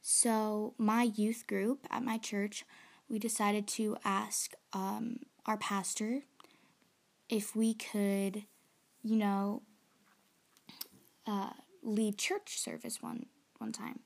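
A woman's voice: medium pitch, level tone, very slow, creaky. A young woman, chatting into her phone for a casual solo podcast, rambling and self-conscious, often dropping to a whisper. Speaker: podcast host.

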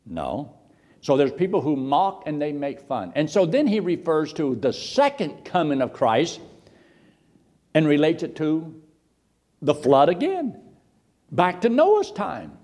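Lively-voiced male preacher. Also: on the high side, unhurried, long pauses. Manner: expressive preaching, mocking voices of scoffers. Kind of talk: sermon.

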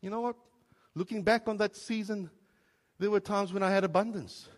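Man, pastor from south africa, sermon, fairly high voice, long church-hall reverb, soft-to-loud storytelling. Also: steady tone, moderate pace.

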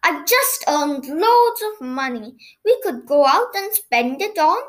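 Woman doing a high eager toy boy, cheerful, exclaiming, storybook voice. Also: heavily acted. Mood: excited. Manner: excited, quick to exclaim. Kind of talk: children's storybook reading.

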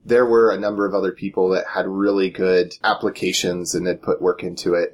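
Low-voiced man hosting a chat. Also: vocal fry, a little hiss or hum. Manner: relaxed, chuckling, loose phrasing. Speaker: podcast host. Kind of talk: casual panel chat.

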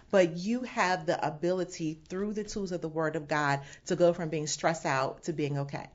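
A woman's voice: lowish voice, steady tone, moderate pace, hardly any pauses. A woman pastor giving a sermon, teaching with emphatic quoted asides and bursts of laughter. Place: home setting away from the sanctuary. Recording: dull lo-fi sound.

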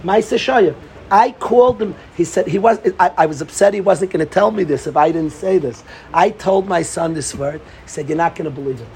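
A middle-aged man giving an informal Torah talk to a group, excitable and repetitive, often restarting his sentences. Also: high-pitched, normal speed, a little hiss or hum. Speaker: Torah teacher.

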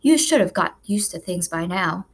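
A woman's voice: lowish voice, lively intonation, normal speed, breathy edge. A woman reading the part of a stout, sensible middle-aged farm mother, speaking with a lifted, eager voice. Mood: cheerful. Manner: eager, brighter and louder than the narration.

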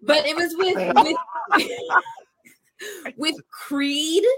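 A woman co-hosting a casual chat, teasing with dry, deadpan remarks. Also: high-pitched, drawn-out words, a loud crowd. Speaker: co-host.

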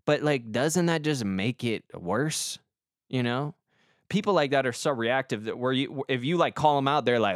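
A man's voice: medium pitch, expressive, moderate pace, dry recording, studio quality. A young man hosting a podcast, telling a rambling comic story, swearing a lot and making fun of himself. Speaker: podcast host. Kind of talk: casual comic monologue.

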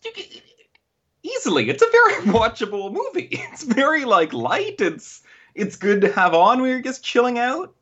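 A man's voice: extremely high pitch, big pitch swings, moderate pace, fairly bright tone, slightly rough, lo-fi sound. A man with a Canadian accent, a guest in a casual podcast chat, easygoing and wry.

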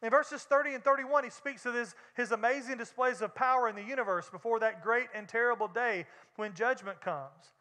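High, bright-voiced preacher. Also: male voice, fairly quick, few pauses. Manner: emphatic, conversational preaching. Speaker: pastor. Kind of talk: sermon. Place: large church sanctuary. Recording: long reverb in a large church.

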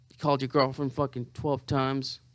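A man's voice: mid-range voice, little pitch movement, normal speed, no room sound. A hungover young man rambling to camera in a profane, self-mocking monologue. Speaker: vlogger.

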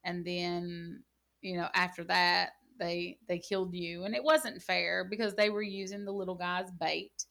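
A woman's voice: lowish voice, fairly even intonation, measured pace, vocal fry, fairly bright tone. Chatty woman, rambling game stories. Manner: rambling storyteller, lots of "like" and "you know". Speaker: gaming channel co-host. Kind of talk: casual gaming chat.

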